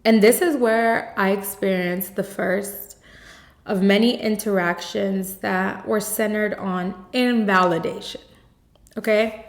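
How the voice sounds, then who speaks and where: A young woman tells a personal story on her podcast, candid and emphatic, leaning on "like" and dropping blunt curses. Her voice sits at a middle pitch. The recording is roomy, with a clear echo around her. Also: steady tone, slow. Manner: candid and emphatic, frequent "like" fillers, blunt swearing. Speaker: podcast host. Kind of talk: personal testimony, casual storytelling.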